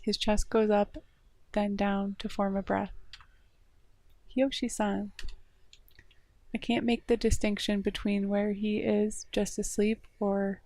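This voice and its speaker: A woman's voice: mid-range voice, flat delivery, a little slow, darkish tone, no room sound. A woman game streamer reading a visual novel aloud on a live stream, narrating with short offhand asides.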